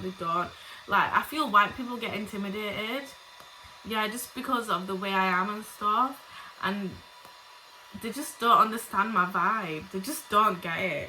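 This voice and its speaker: A young woman with a bright, forceful voice tells storytime tales straight to her viewers. She swears freely and keeps up blunt, chatty asides. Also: medium pitch, slight background noise, low-quality recording. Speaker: vlogger. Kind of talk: casual storytime monologue.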